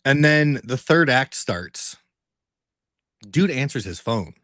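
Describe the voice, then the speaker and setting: A man in a podcast chat tells a story with a lot of energy. He swears often, drops plenty of fillers and laughs as he goes. His voice is mid-pitched and sits in a dry, dead-sounding room. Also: slow, no room sound. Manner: animated, profanity-heavy storytelling with many fillers; laughs while telling the story. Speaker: podcast co-host. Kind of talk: casual chat.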